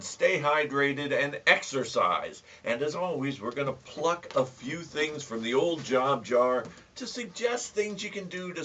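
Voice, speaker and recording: A man's voice: fairly high pitch, a bit bright. Folksy man joking from a distance. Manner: folksy, dry joking, tells jokes with stammered restarts. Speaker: host. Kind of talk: casual home video monologue. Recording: distant, dull lo-fi sound.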